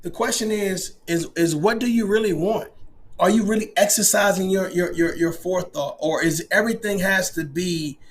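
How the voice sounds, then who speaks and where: A man in his forties hosting a podcast, ranting in an emphatic, profane, animated way. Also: sits high, normal speed. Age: 40s. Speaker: podcast host. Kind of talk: casual monologue.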